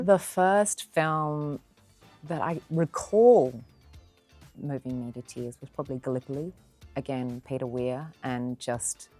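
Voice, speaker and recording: A middle-aged Australian woman, an actor, telling anecdotes in an interview in an expressive, storytelling way. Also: very deep voice. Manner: expressive storyteller who acts out quoted voices.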